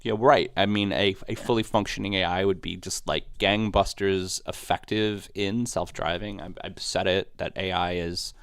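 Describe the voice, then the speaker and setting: A man's voice: sits low, steady tone, normal speed, few pauses, clean tone, no echo, studio quality. A man co-hosting a podcast in casual chat, rambling with restarts and laughing often. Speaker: podcast co-host. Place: podcast studio.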